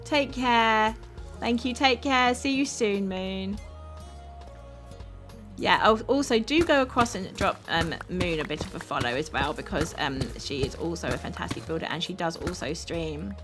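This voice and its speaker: South London woman, streamer, upbeat casual chat to viewers, mid pitch, music underneath. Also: expressive, normal speed. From South London, England. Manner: chatty and upbeat, thanking viewers, laughs easily. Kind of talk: casual chat with live chat while gaming. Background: background music.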